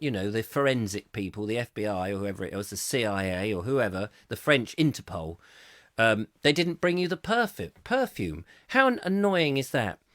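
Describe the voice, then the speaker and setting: A chatty man hosts a comic live show, reading out viewers' comments and riffing on them. His voice sits a touch high and swoops about with lively comic emphasis. It is recorded close up in a dry, dead room. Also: dry recording. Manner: jokey, chatty, pitch swoops for comic effect. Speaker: host of a comic chat show.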